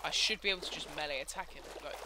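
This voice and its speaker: A man's voice: a little high, racing, background noise. A young man with a sweary, ranting manner, commenting casually while he plays a game. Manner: swears a lot, ranting, excitable outbursts. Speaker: gameplay commentator.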